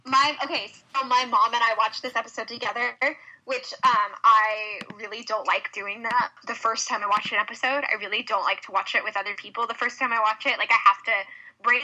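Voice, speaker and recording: A chatty woman rambles through a podcast conversation, laughing easily. Her voice is fairly high and very bright, and it comes through a thin, phone-like line. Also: fairly even intonation, brisk. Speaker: podcast co-host. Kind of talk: casual chat.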